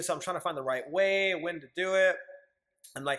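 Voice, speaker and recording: A man's voice: on the high side, fast, fairly bright tone. A man in his twenties, a podcast guest, telling stories candidly in a casual interview, acting out his own past lines and swearing freely. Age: 20s.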